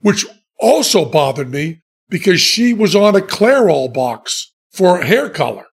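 A man telling funny stories in casual chat, deadpan and self-mocking, laughing at his own jokes. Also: high voice, measured pace, vocal fry, breathy edge. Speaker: podcast guest telling stories.

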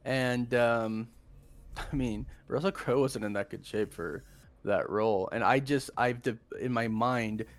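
A man's voice: medium pitch, measured pace. A man hosting a podcast, chatting casually and animatedly about a film he is reviewing, often slipping into quotes from it. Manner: animated, acts out quoted movie lines. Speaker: podcast host.

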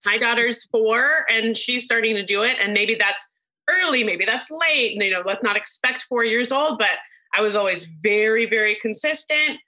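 A woman in her thirties talks as a parenting expert in casual podcast chat. Her voice is bright and sits a little high, and she speaks with emphatic enthusiasm. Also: moderate pace, poor audio.

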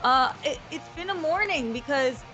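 A woman hosting a live talk show, chatting casually in an animated, self-mocking way. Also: high voice, moderate pace, faint music behind, low-quality recording. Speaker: show host. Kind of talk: casual chat.

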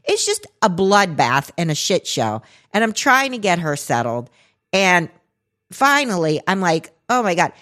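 A woman in her forties tells a story on a podcast, and her pitch swoops widely as she acts out every quote. She talks in an easy, conversational way. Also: measured pace. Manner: animated, acts out quotes with big pitch jumps. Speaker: podcast co-host. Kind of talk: casual storytelling chat.

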